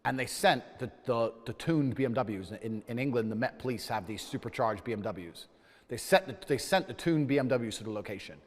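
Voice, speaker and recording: A man's voice: mid-range voice, expressive, fairly quick, long reverb tail. A man telling a heated, profane anecdote, ranting in exasperation. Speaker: storyteller. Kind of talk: animated anecdote.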